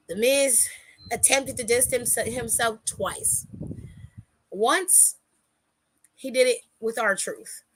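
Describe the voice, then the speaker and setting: A woman hosting a podcast, recapping a wrestling show in a casual, animated way and acting out what people said. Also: on the high side, dry recording. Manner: animated storytelling, acts out quotes, laughs often. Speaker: podcast host.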